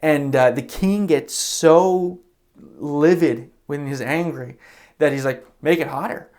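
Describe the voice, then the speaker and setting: A man's voice: on the high side, slow, a little mellow. A man preaching a sermon as pastor, retelling scripture in a casual, conversational way and briefly acting out the characters' lines. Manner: casual storytelling, acts out quoted characters; conversational with fillers like "you know" and "like".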